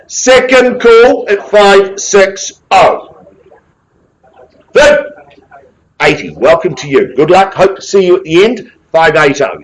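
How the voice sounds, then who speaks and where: Brief: male NZ auctioneer, jovial, brisk calls, light banter with the room. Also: sits high, poor audio. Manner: brisk, jovial patter with quick asides to bidders. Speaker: real estate auctioneer. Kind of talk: live property auction calling. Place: auction room with bidders present.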